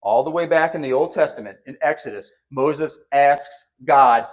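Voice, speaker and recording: Male pastor, sermon delivery, slightly high pitch, animated, repeats himself. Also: normal speed, few pauses. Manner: animated preaching, acting out quotes with raised voice; repeats words and restarts.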